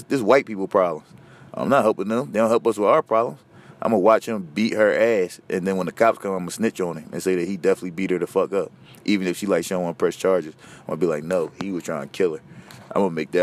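Animated ranting Philly man. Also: fast talker. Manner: animated, profane, rambling, shifts between loud outbursts and low muttering. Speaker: podcast host. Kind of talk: casual solo rant.

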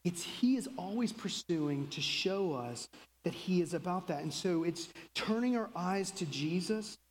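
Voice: medium pitch, measured pace, slight background noise. Pastor preaching in a reverberant hall. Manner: conversational, acts out quotes in lively voices. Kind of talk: sermon.

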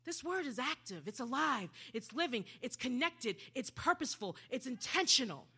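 High, bright-voiced woman preacher. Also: very animated, normal speed, slightly rough. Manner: dramatic swings from hushed to loud. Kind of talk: sermon.

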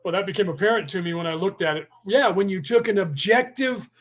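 A man's voice: high voice, fast talker. A man delivering a rambling, profane monologue, full of rhetorical questions and sudden bursts of speed.

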